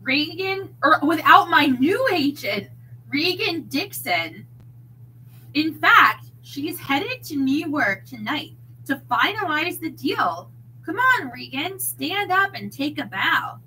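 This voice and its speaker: A woman's voice: high-pitched, very animated, takes it slowly, pushed and bright, slight background noise, exaggerated voice, rough recording. A woman reading the part of a smug, ambitious male stand-up comic who sneers at the people around him. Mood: boastful.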